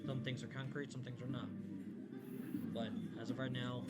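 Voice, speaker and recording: A man running a tabletop game as game master, speaking hesitantly with many ums and pauses. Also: mid-range voice, little pitch movement. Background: music.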